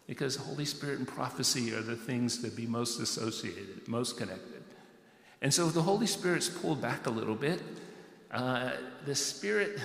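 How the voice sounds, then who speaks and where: A man's voice: mid-range voice, expressive, normal speed, gravelly, a bit bright. A man preaching a sermon, emphatic, repeating words and dropping in "yes" and "right". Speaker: pastor. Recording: echoey hall, slightly distant.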